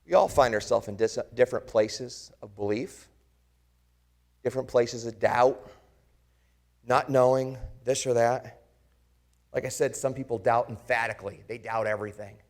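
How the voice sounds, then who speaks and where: A pastor voices the disciple Thomas, an earnest grown man, in a first-person dramatic sermon, his medium-pitched tone fairly even and close to everyday speech. He moves at a moderate pace with frequent pauses, passionate yet reflective, turning to listeners with searching questions.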